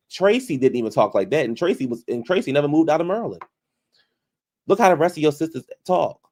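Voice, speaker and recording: A man's voice: medium pitch, a little mellow. A man giving casual commentary, repeating phrases for emphasis and calling out people directly. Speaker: commentary vlogger.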